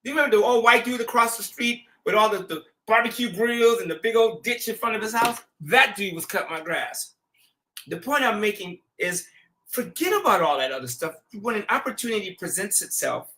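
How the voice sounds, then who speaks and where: Guy chatting on his show, real animated, bright voice, slangy storyteller. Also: high voice. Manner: animated, slangy, acts out quotes with laughs. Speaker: show host. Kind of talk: casual storytelling chat.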